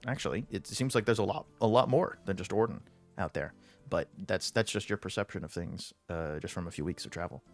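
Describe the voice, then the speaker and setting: A man narrating a tabletop game as game master, halting with many fillers. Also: low-pitched, soft background music.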